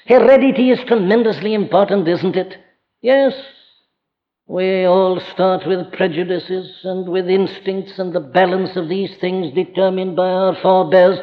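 A man's voice: high-pitched, fairly even intonation, unhurried, big-room sound. Man, Welsh accent, preacher, emphatic sermon, muffled old recording. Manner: earnest, emphatic, direct address to listeners. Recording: dull lo-fi archive recording.

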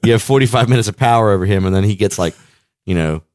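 A man's voice: lowish voice, quick pace, a little mellow, dry recording, studio quality. A man co-hosting a podcast, talking in rambling, blunt, profane banter with frequent restarts. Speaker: podcast co-host. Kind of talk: casual crude banter.

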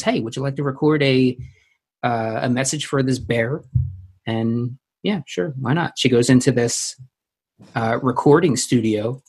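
A podcast co-host in a casual chat, recapping a TV episode in a loose, rambling way with lots of fillers. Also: mid-range voice. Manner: loose and rambling, many fillers, breaks into silly sung impressions.

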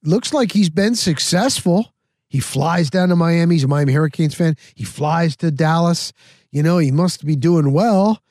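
A man hosting a podcast, telling a rambling, animated story in a casual way. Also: a little high, normal speed, no room sound, studio quality. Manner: rambling, animated, repeats himself. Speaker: podcast host.

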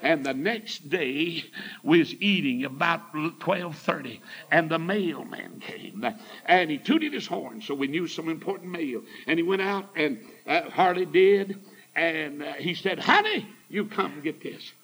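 A man's voice: on the high side, expressive, measured pace, fairly bright tone, breathy edge, low-quality recording. A man preaching a sermon in a folksy, fervent storytelling manner.

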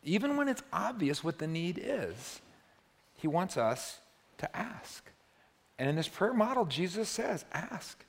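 A man preaching a sermon in a church, talking to the congregation in a relaxed, joking way and often checking in with them with "right?". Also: sits high, a little slow, creaky. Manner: conversational and humorous, often asks the listeners "right?". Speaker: pastor.

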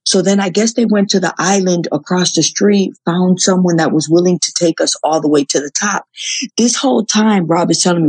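Husky woman telling a lively story. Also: lowish voice, a little fast. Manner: animated, swears casually, acts out quotes. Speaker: guest, former reality show contestant. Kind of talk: casual storytelling interview.

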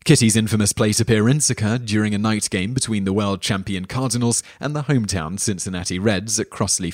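A man hosting a podcast, reading a scripted history story in a steady storytelling manner. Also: fairly low pitch, dry recording, clean studio sound. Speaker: podcast host.

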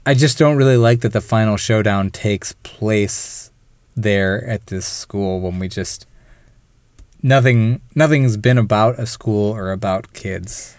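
A podcast co-host with a fairly low voice chats casually about a film, acting out its lines and mimicking characters in quick, animated asides. The recording is dry.

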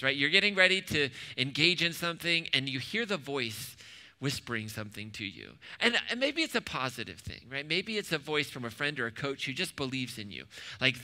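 A man preaching in a church hall, his voice bright, ringing and slightly high. He talks conversationally, slips in humor and keeps asking the room "right?". The recording carries a long, echoing reverb. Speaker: pastor. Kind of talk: sermon. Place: church sanctuary.

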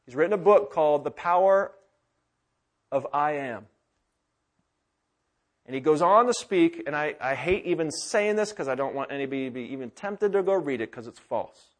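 A man preaching a sermon in a church, swinging from loud urgency to hushed, intimate pleading. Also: fairly high pitch, expressive, moderate pace, long pauses. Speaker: pastor. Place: church sanctuary with congregation.

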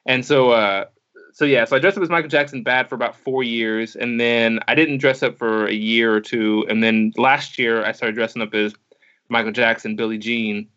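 A man co-hosting a podcast, chatting casually and tripping over his words as he rambles on. His voice sits at an ordinary middle pitch. The audio comes through slightly muffled. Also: fairly even intonation, normal speed, pushed and bright, smooth. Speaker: podcast co-host.

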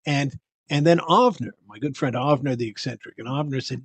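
An older man telling stories in a casual podcast interview, animated and acting out voices, with many restarts. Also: medium pitch, a little fast, breathy edge, dry recording. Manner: frequent restarts and stammers. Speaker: guest, bubble performer. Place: podcast room.

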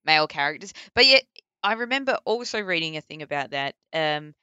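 A woman with an Australian accent, a voice actor chatting casually in an interview, full of likes and ums and quick laughs. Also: deep voice, lively intonation, bright, forceful tone, clear, resonant tone, dry recording, highs cut off. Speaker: voice actor guest.

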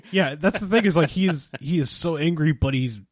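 Dude rambling about a movie on a podcast, lots of likes and restarts, dry mic. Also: male voice, a little high, brisk, no room sound. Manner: rambling and hesitant, many restarts and fillers. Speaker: podcast co-host. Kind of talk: casual film discussion.

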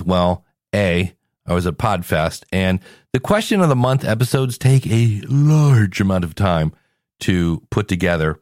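A man's voice: low-pitched, sing-song, unhurried, a little mellow, no room sound, studio quality. A male podcast host talking casually on his show, tired and sick with a cold, rambling and joking at himself. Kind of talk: casual solo podcast talk.

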